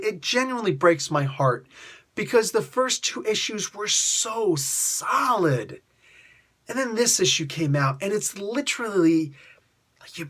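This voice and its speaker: A man casually reviewing a comic book, ranting in an exasperated way and filling his talk with "like" and "you know". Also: sits high. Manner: animated, exasperated ranting with mock outbursts; heavy use of filler "like" and "you know".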